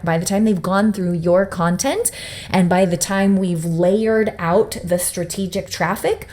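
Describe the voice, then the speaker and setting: A woman's voice: mid-range voice, darkish tone. Upbeat woman teaching a webinar, chatty, keeps asking "right?". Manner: chatty, upbeat, addresses viewers directly with frequent "right?". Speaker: business coach presenting a webinar.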